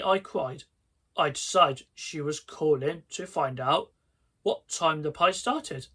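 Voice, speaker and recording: A man reading a children's horror story aloud, slowly and deliberately, often restarting his words. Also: fairly high pitch, a bit bright, husky.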